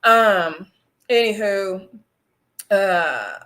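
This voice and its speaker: A young woman with a bright, forward voice recaps a reality show live. She is casual and sassy and keeps turning to her viewers to call them y'all. Her pitch sits right in the middle for a woman. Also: lively intonation, very slow. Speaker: host reviewing a reality show.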